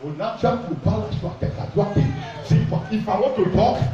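A man, preaching a prophetic sermon and leading prayer, forceful and repetitive, often shouting his commands. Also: sits high, expressive, fast, few pauses, dull audio, soft background music. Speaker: pastor. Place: large church hall. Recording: echoey church hall, voice from far off, congregation noise.

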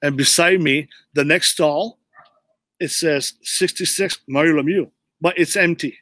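A middle-aged man telling an easygoing story as a podcast guest. He sits a little higher in pitch than most men and keeps slipping into "I'm like" and "he's like". The sound is close and dry, with no room in it. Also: measured pace, bright, forceful tone, no room sound. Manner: anecdotal, repeats "I'm like" and "he's like", light laughs. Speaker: podcast guest, retired hockey player. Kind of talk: casual storytelling.

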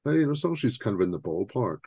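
A man's voice: fairly low pitch, very animated, very fast, vocal fry, dark tone, slightly rough, no room sound. A man co-hosting a podcast, giving opinionated, rambling film talk with many restarts. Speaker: podcast co-host. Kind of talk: casual film discussion.

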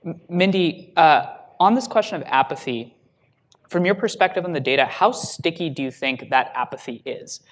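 A man's voice: fairly high pitch, moderate pace. Man moderating a panel, chatty questions. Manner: conversational questions, many restarts. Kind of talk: panel discussion. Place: hotel ballroom.

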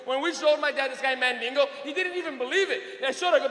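A male comic's routine comes at a racing clip with hardly a pause, loud and full of profanity. He sounds bright and fairly high for a man, working a handheld mic onstage at a club where a long hall reverb trails his words.

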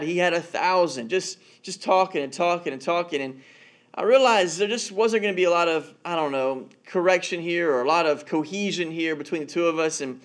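A man, a married father, giving a conversational sermon as pastor, telling stories and often repeating words as he goes. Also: high voice. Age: adult, married father.

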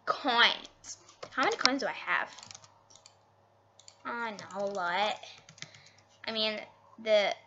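A woman hosting a gaming channel, chatting casually over her gameplay, giggly and easily excited. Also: high-pitched, lo-fi sound.

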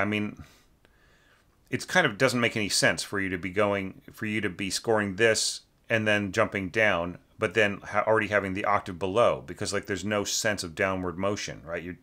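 A man's voice: deep voice, bright, forceful tone. A man giving a rambling spoken critique of a student's orchestral score, often asking "right?" and singing the parts aloud. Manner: rambling, fillers, sings motifs aloud. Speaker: orchestration teacher giving feedback.

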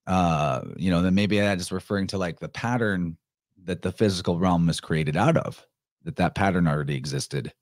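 A man talks through a solo podcast presentation in a relaxed, rambling manner, chuckling often and swearing lightly. His voice sits a little low. The sound is dry, with no room echo. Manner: casual, digressive, chuckling often, mild swearing. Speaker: podcast host.

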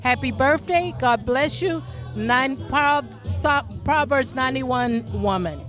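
Chatty female guest, high pitch. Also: takes it slowly, a bit bright, faint music behind. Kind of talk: recorded birthday greeting.

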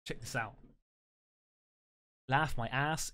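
A man, reacting excitedly on a live stream. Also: mid-range voice, unhurried, long pauses. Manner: excitable, exclaiming.

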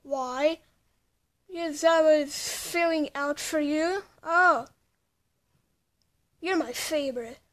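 High-pitched slow-paced playful voice. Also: female voice. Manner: playful childlike voices, shifting between characters. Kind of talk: homemade toy play acting several characters.

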